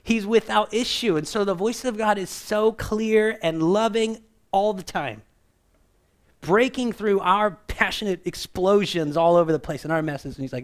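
A man delivering a sermon in a relaxed, conversational tone, his voice sitting a little above the usual pitch for a man. He keeps checking in with his listeners by asking "right?" and slips into the voices he quotes, changing his pitch and loudness as he does. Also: normal speed. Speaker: preacher.

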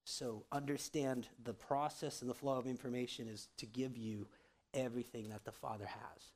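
A man's voice: mid-range voice, fairly even intonation, moderate pace, darkish tone. A man preaching a sermon in a casual, conversational way, often checking in with the congregation. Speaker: pastor.

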